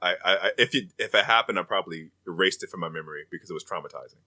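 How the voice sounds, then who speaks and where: A young man co-hosting a casual podcast, retelling film scenes in a profane, animated way. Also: low-pitched, very fast. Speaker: podcast co-host.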